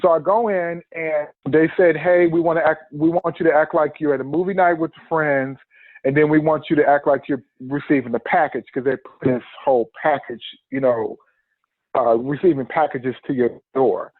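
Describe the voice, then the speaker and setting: A man's voice: a little high, steady tone, normal speed, no echo. A man telling a personal story in a podcast interview, acting out the quotes and laughing often. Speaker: podcast guest. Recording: tinny phone-line sound, dry.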